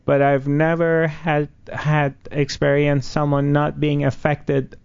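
A man in his fifties, a spiritual healer being interviewed, speaking slowly and earnestly with many pauses and fillers. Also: fairly high pitch, completely flat delivery, gravelly, a little mellow, smooth. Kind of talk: interview answers. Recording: dull lo-fi recording.

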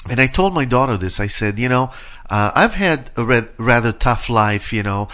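A man's voice: medium pitch, animated, moderate pace, fairly bright tone. A middle-aged man hosting a radio talk show, rambling with many verbal fillers. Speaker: radio host. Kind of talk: casual radio chat.

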